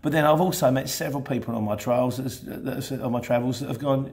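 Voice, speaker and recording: Chatty van driver, gravelly voice. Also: male voice, mid-range voice, quick pace, darkish tone. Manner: chatty, rambling, frank, many restarts. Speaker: van driver answering viewer questions. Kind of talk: casual Q&A chat.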